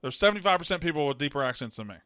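A man's voice: fairly high pitch, animated, very fast, sharp tone, smooth, no echo, clean studio sound. A man from Mississippi with a Southern accent, co-hosting a casual film-review chat and giving blunt, opinionated takes. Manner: blunt, opinionated, swears freely. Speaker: podcast co-host.

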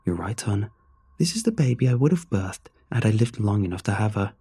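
A man's voice: lowish voice, very animated, mellow, breathy edge, full character voice. Man voicing a reproachful female ghost. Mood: tender. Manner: pleading then bitter, slow reproach. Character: ghost of a young woman, wounded, accusing.

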